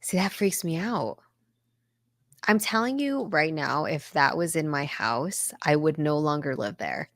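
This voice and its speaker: A young woman reacts in an emphatic, dramatic way, easily spooked. Her voice is quite low for a woman. It is recorded close and dry. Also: expressive, measured pace, fairly bright tone, dry recording. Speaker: co-host of a reaction channel. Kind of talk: casual reaction chat.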